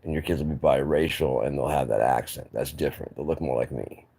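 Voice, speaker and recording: Host type: man with an extremely deep, gravelly voice, loose and opinionated solo chat. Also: fairly quick, mellow. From United States. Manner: rambling, opinionated, restarts often. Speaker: channel host. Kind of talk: casual monologue to camera.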